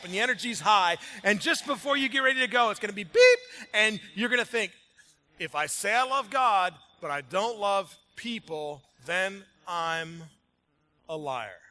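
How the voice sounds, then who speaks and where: A man's voice: sits high, sharp tone. A man preaching a sermon to a congregation, conversational and jokey, building energy and then settling into reading scripture. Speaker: pastor. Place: large room with congregation.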